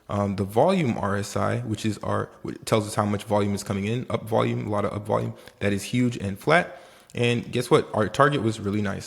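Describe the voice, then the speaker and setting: A man with a Haitian accent talks through his day trades in a loose, rambling vlog style. His voice sits low with a gravelly edge. He quotes his own reactions and swears casually as he goes. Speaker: options day trader vlogger. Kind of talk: casual trading recap vlog.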